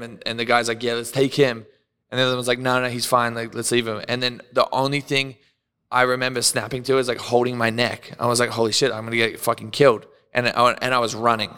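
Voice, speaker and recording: A man's voice: medium pitch, smooth, big-room sound. An Australian man, a podcast guest, telling stories in a loose, profane way, laughing often and acting out what people said. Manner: animated, profane, laughs often, acts out quotes. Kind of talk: casual storytelling.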